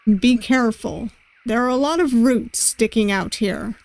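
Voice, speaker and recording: A woman voicing a charming, flirty male pirate sailing master in a visual novel, with a gentle, reassuring manner and a loose attempt at a pirate accent. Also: on the high side, unhurried, creaky.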